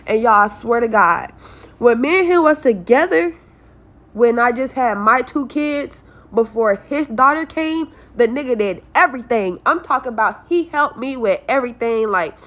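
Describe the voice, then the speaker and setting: A woman's voice: a little high, animated, moderate pace, a bit bright. A young woman venting about her life to her viewers in a casual story-time video, blunt, stressed and full of swearing. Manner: blunt, heavily profane, talks straight to viewers. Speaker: vlogger telling a personal story.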